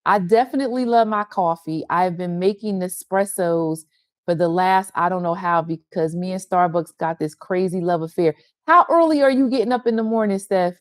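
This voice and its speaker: A woman's voice: fairly low pitch, normal speed, no room sound, clean studio sound. Effusive middle-aged woman hosting a video call. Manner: effusive, affectionate, greets people by name. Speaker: host of an online women's faith gathering. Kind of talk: casual welcome and chat with viewers. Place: sun porch at home.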